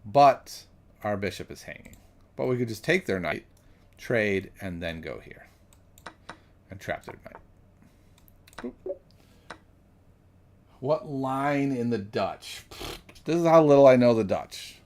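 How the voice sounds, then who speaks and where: A man's voice: medium pitch, lively intonation, slow pace, pauses often, darkish tone. A man thinking aloud as he solves chess puzzles, musing and correcting himself, then chatting with viewers. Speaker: chess streamer.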